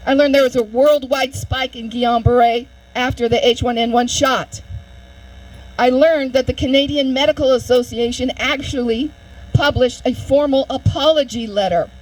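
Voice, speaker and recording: A woman's voice: high voice, fairly even intonation, unhurried, darkish tone, poor audio. A woman giving a personal testimony speech at an outdoor public event, telling her story with vivid detail and imitating beeping sounds. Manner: storytelling, imitates heart monitor beeps. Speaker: speaker at a public demonstration.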